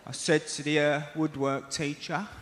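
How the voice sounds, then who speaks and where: A man with a Cockney accent doing stand-up, telling animated stories and acting out voices, on a theatre stage mic. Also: fairly high pitch, moderate pace. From East End of London. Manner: animated storytelling with acted-out voices. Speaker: stand-up comedian. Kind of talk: stand-up comedy. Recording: echoey theatre, loud noise. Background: audience laughter.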